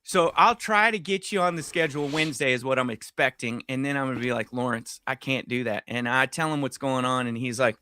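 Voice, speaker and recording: A middle-aged man, co-hosting a podcast and telling an animated story in casual chat, swearing freely. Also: mid-range voice, fairly quick, few pauses. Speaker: podcast co-host.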